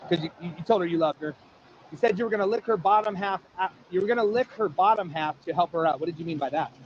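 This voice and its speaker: A man's voice: high voice, fast talker. A man bluntly interrogating someone in a recorded video clip. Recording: muffled video clip with faint noise.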